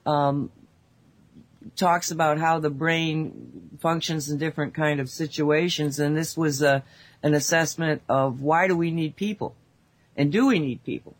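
This radio co-host, a woman with a deep voice and measured pace, tells rambling, lively stories packed with asides on a casual spiritual talk show. She speaks over an online call mic.

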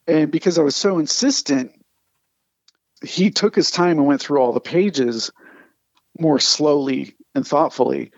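A man, a comic artist, telling animated anecdotes in casual conversation and acting out the people he quotes. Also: a little high, unhurried, dry recording, muffled recording. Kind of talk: casual storytelling.

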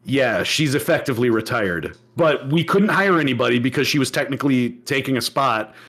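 A young man co-hosting a casual podcast, telling stories with lively swings into mocking voices. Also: medium pitch, fairly quick. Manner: animated storyteller who swings into mocking voices. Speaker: podcast co-host. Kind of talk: casual chat.

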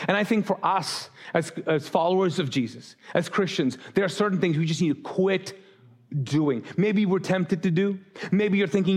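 A man's voice: high-pitched, lively intonation, normal speed. A man preaching a sermon as pastor to a live congregation, casual and joking, drawing the audience in to answer him. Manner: casual, joking, talks back and forth with the congregation. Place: church auditorium before a congregation.

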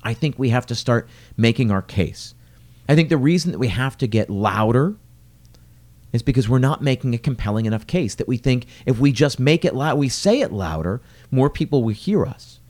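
A middle-aged man with a warm, mellow tone gives an earnest solo podcast talk, circling his point with rhetorical questions. His pitch rises and dips freely as he leans on key words. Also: lively intonation, normal speed. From lives in New York City. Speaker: restaurateur and podcast host.

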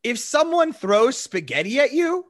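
A man co-hosting a comedy podcast, riffing in excitable, profane banter. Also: very high voice, a little slow. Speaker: podcast co-host.

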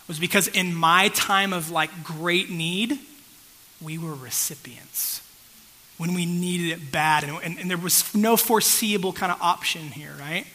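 A man preaching with a bright, forceful, somewhat high voice. He tells a personal story in an easy, chatty way and keeps checking in with the congregation. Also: rough recording. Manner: conversational storytelling, checks in with the audience. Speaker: pastor. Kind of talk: sermon.

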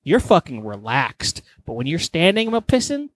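A man's voice: a little high, wildly swooping pitch, moderate pace, no echo. A young man co-hosting a podcast, chatting casually with crude, profane jokes. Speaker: podcast co-host. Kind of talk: casual comedic chat.

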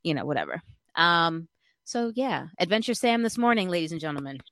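A woman telling an animated, chatty story in casual talk, full of fillers and acted-out quotes. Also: fairly low pitch, a little fast, no room sound.

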